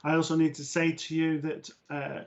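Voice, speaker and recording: A man hosts a live psychic stream, delivering a reading slowly and haltingly with frequent fillers. His manner is gentle and soothing. The audio is dull and lo-fi. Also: a little high, monotone. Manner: halting, many ums and uhs, gentle and soothing. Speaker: medium.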